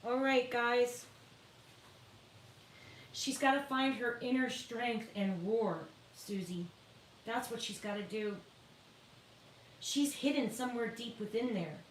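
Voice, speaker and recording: Woman tarot reader on a live stream, fairly high voice, unhurried, emphatic and reassuring. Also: roomy sound, recorded from a distance, slight background noise, low-quality recording. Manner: reads card texts in a slow, emphatic, motivational tone; chatty and reassuring with viewers.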